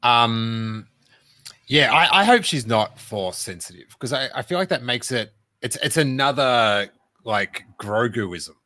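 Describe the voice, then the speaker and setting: Bright, dry-sounding teasing man. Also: medium pitch, lively intonation, a little slow, dry recording. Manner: teasing, hesitant with fillers. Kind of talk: casual fan chat.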